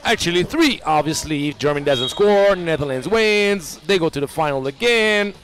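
A man giving live basketball play-by-play, excitable and rising to shouts on big plays. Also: a little high, moderate pace, faint music behind. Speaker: play-by-play commentator.

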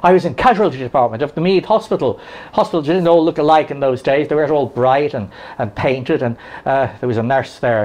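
An older man telling rambling, halting, deadpan absurd stories as a stand-up comedian on a live stage. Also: mid-range voice. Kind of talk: stand-up storytelling.

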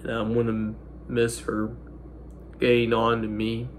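A young man in his twenties, speaking in halting, broken sentences while holding back tears, his nose stuffy. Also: medium pitch, monotone, slight background noise. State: stuffy-nosed. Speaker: vlogger. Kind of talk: emotional personal monologue.

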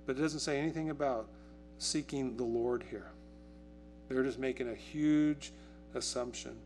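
A man preaching a sermon as a pastor. He talks conversationally, asks the congregation questions and acts out quotes in a raised, excited voice. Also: mid-range voice, normal speed, gravelly, faint music behind. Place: church.

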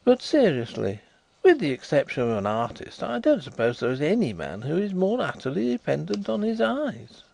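A man's voice: fairly high pitch, wildly swooping pitch, moderate pace, gravelly, darkish tone, no echo, voice pushed up, exaggerated voice. A man voicing an earnest, slightly flustered middle-aged ex-solicitor turned detective in an audiobook reading.

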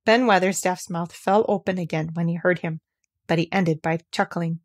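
A woman reading a classic children's novel aloud in steady, clear storytelling narration. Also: on the low side, moderate pace, no echo, clean studio sound. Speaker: audiobook reader. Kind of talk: scripted narration.

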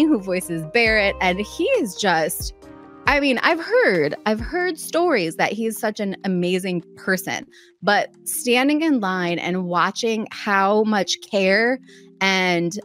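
A woman telling a casual, excited story to her viewers, bubbly and gushing, with quick jumps up in pitch when she gets excited. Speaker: streamer and vlogger.

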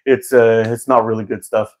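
A man's voice: mid-range voice, little pitch movement, moderate pace, a little mellow. Chatty man hosting a live stream. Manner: chatty and rambling, frequent laughs and restarts. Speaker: live-stream host answering chat. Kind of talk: casual live-stream chat.

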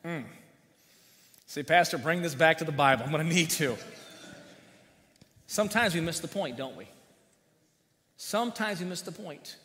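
A man preaching in a church, his voice high and bright. He talks in a folksy way, tosses out jokes and asks the congregation questions. The sound rings with long hall reverb. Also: normal speed, long pauses. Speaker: pastor. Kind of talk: sermon with jokes. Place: church sanctuary.

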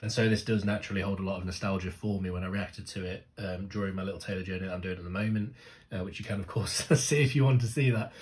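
A man hosting a music reaction, talking casually and rambling with restarts, often gushing and excitable. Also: low voice, quick pace. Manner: gushing, excitable, laughs and sings along. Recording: music playing faintly behind.

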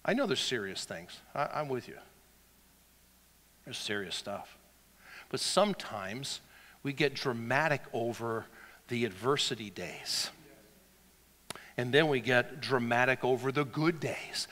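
A male pastor preaching a sermon in a church, dramatic and animated, swinging from loud shouts to hushed whispers. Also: mid-range voice, a little slow, big-room sound.

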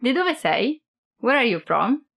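A young woman from Italy with an Italian accent, teaching a beginner language lesson and explaining each phrase slowly with plenty of examples. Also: a little high, sing-song, gravelly, a bit bright.

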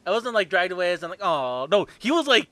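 A man co-hosting a casual review podcast, excitable and jumping high in pitch when quoting. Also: fast, no room sound. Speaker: podcast co-host.

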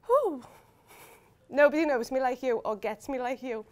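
Young bride, heartfelt and giggly speech, smooth voice on the higher side. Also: female voice, animated, normal speed. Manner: emotional, laughing between lines. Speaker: bride giving a wedding speech. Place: hotel wedding reception.

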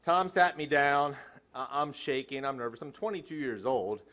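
Man, 40s, track coach, joking acceptance speech, self-deprecating, rambling, mid-pitched. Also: lively intonation, moderate pace, fairly bright tone. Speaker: head track and field coach. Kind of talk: hall of fame acceptance speech.

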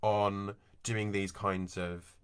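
A man's voice: lowish voice, level tone, drawn-out words, clear, resonant tone, dry recording. A man, working as a voice and coach, giving an informal online teaching talk and explaining with everyday examples. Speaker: voice and accent coach.

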